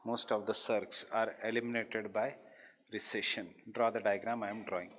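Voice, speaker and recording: A man with an Indian English accent teaching a geography class, dictating notes slowly, repeating phrases and spelling out terms letter by letter. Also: lowish voice, flat delivery, fairly bright tone, big-room sound, a little hiss or hum. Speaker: geography lecturer.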